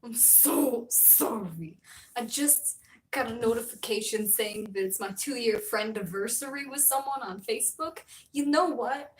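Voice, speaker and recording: A young woman chats casually with her livestream viewers, rambling, giggling and putting herself down. Her voice is high-pitched and picked up by a distant mic, slightly off-mic in a room with noticeable echo.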